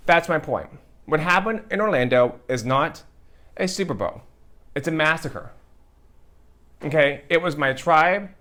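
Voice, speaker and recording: Earnest man, fairly high voice. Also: fairly bright tone. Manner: earnest, emotional, repeats phrases for emphasis. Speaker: host. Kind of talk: heartfelt direct-to-camera talk.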